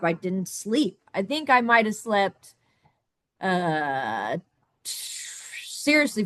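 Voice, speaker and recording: A woman's voice: mid-range voice, dry recording. Woman telling a candid personal story. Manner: halting, repeats words, many fillers and restarts. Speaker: summit guest speaker. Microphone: video call.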